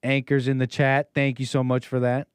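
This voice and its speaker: A man's voice: mid-range voice, completely flat delivery, moderate pace, smooth, no room sound, studio quality. A man hosting a call-in talk show, rambling and joking with lots of fillers and restarts.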